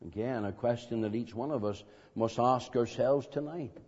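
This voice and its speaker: A man preaching an evangelistic sermon in a meeting hall, slow and dramatic, pressing his listeners with emphatic questions. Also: mid-range voice, darkish tone, husky. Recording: dull lo-fi recording in a reverberant hall.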